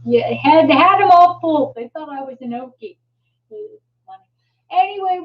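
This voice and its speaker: A woman hosting a live stream in casual chat, rambling and halting with many restarts. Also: high-pitched. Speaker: host. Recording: distant mic, dull lo-fi sound.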